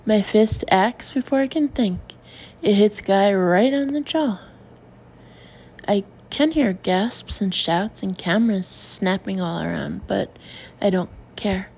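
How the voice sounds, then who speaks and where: A woman narrates a first-person novel in a measured, expressive way. Her pace is slow and her voice gravelly, on slightly dull audio with a faint hiss. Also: mid-range voice.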